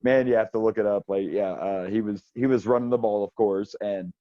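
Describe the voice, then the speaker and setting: A man co-hosting a casual sports chat, blunt and quick to swear, laughing often. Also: lowish voice, steady tone, no room sound. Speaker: podcast co-host. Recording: dry, dull lo-fi sound.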